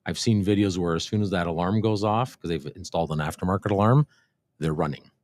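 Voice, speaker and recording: A police officer hosting a casual livestream Q&A, explaining things in a relaxed way with many fillers and restarts. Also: male voice, low-pitched, fast. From Canada. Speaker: police constable and show host. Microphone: desk microphone, briefly too far from it.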